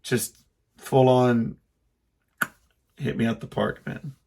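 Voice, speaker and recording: A middle-aged podcast host slowly tells a rambling personal story, interrupting himself and voicing the quotes in a casual monologue. His medium-pitched voice is gravelly and warm, with a steady tone.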